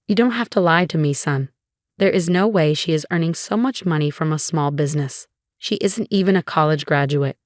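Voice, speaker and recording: A woman reading the lines of a meddling, scornful older mother-in-law in an even, flat delivery. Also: low voice, normal speed, dry recording, clean studio sound, close to an everyday voice.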